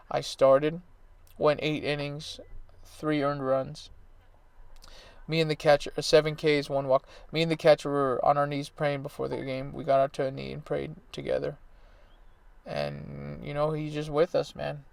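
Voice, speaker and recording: Guy in his 30s, gravelly voice, kinda high-pitched, rambling and emphatic, just telling his story casually. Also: no room sound. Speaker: baseball player and coach.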